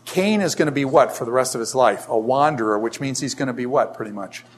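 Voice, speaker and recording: An older man teaching a casual Bible lesson, asking the class questions and telling stories with animated energy. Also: medium pitch, fast.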